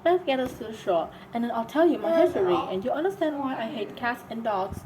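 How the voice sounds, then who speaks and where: A woman voicing a small, easily offended male mouse in a shrill, passionate voice for a storybook reading. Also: expressive, a little fast, a loud crowd, natural voice, poor audio. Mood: trembling.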